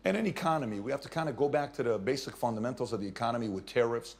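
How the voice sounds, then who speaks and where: A man with an ordinary mid-range voice walks through an argument in a persuasive, salesman-like way. He builds animated hypothetical stories to make his point. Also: medium pitch, rapid-fire, creaky. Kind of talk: persuasive explanation.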